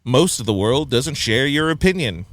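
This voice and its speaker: A man's voice: medium pitch, expressive, normal speed, fairly bright tone, no echo. A man hosting a casual film review chat, blunt and opinionated, often laughing at his own points. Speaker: podcast host reviewing a film.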